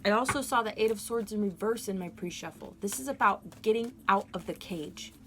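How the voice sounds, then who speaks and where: A woman's voice: medium pitch, brisk, noisy background. A woman giving a collective tarot reading, earnest and emotional, encouraging her viewers directly. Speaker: tarot reader.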